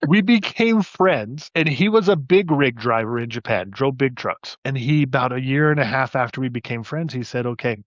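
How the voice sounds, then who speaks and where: Male interview guest, storyteller, mid pitch, dry muffled mic. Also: moderate pace, few pauses, dry recording. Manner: storytelling, animated anecdotes. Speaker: podcast guest, side hustle coach. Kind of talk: casual interview talk.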